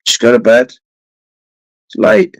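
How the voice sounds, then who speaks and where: A man's voice: medium pitch, animated, slow, no echo, low-quality recording. Sweary man chatting on stream. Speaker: live stream host. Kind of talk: casual chat with viewers.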